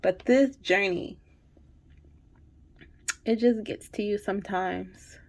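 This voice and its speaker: A woman's voice: mid-range voice, slow pace, a little mellow. A woman hosting a spiritual fertility channel, reading angel messages in a monologue. She sounds emotional and near tears, repeats her affirmations and keeps asking "okay?". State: holding back tears. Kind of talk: intuitive card reading monologue.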